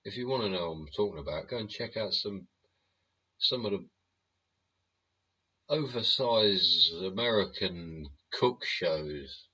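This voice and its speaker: Gruff, swearing man, lo-fi stream. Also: sits low, expressive, unhurried, pauses often, pushed and bright. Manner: blunt, swearing, rambling rant. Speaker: livestream host. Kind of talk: live-stream chat.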